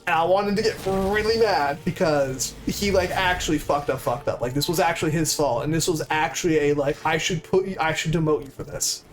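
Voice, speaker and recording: A man's voice: fairly high pitch, brisk, hardly any pauses, slight background noise. A young adult man streaming, casually telling stories with lots of swearing and acting out the people he quotes. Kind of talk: casual storytelling.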